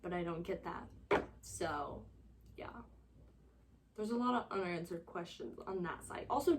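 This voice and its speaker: A woman's voice: mid-range voice, a little hiss or hum. A young woman chatting casually in a reading vlog. She talks in an exasperated, rambling way, full of fillers and dramatic sighs. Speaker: book vlogger.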